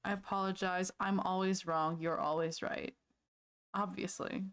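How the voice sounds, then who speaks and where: A woman livestreaming from home, chatting casually and playfully with her viewers, easily sidetracked and quick to laugh. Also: lowish voice, level tone, fairly bright tone. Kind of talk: casual chat with live viewers.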